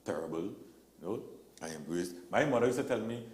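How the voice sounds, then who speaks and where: Animated man, roomy sound. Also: on the low side, fairly quick. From Trinidad and Tobago. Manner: animated storyteller, acts out quotes. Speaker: guest. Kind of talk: casual talk show conversation.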